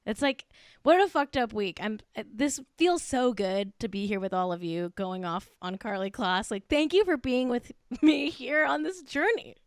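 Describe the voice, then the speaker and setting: A woman's voice: on the high side, normal speed, no echo, studio quality. A tipsy woman hosting a celebrity gossip podcast, talking in a giggly, profane, gleefully catty way. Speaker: podcast host. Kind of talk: casual celebrity gossip chat.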